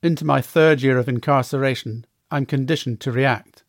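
A man narrating his own memoir in the first person, measured and plainspoken. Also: medium pitch, fairly even intonation, no room sound, studio quality.

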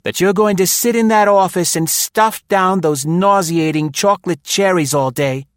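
A man voicing a sharp-tongued, shrewish society woman in an audiobook, with a crisp, sarcastic manner. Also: medium pitch, measured pace, no room sound, studio quality, voice pushed up, close to an everyday voice. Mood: acid. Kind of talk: audiobook character voice.

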